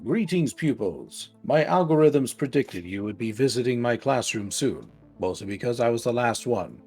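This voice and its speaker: A man's voice: medium pitch, expressive, normal speed, darkish tone, husky, faint music behind, pitched below the performer's own voice. A man voicing a cold, calculating male robot professor who speaks in a clipped, formal, menacing way.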